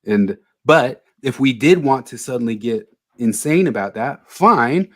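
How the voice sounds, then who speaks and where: A man's voice: mid-range voice, expressive, a little slow, fairly bright tone. A man co-hosting a podcast, talking bluntly in casual chat and often repeating his words. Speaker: podcast co-host.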